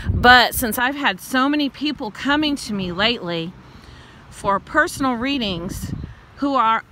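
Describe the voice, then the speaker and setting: A woman's voice: mid-range voice, bright, forceful tone, a little hiss or hum. Winded middle-aged woman vlogging outdoors. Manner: chatty, laughs often, rambles into rants. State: out of breath. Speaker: vlogger and tarot reader. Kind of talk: casual vlog while walking. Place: outdoors, walking.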